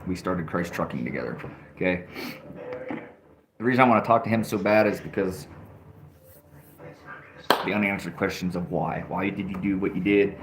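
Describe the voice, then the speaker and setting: Low-voiced man telling a rambling story. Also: moderate pace, long pauses, noisy background. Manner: rambling, many restarts and fillers; frequent swearing, conversational. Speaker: vlogger. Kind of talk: casual storytelling.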